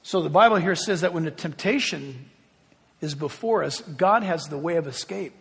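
A man preaching a sermon as pastor, emphatic and swinging from quiet, low asides to loud, ringing appeals. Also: expressive, normal speed, vocal fry, slightly rough. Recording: long hall reverb.

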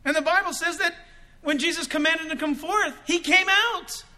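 A man preaching a sermon in an animated way, breaking into shouts for emphasis and joking as he goes. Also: extremely high pitch, brisk. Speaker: pastor.

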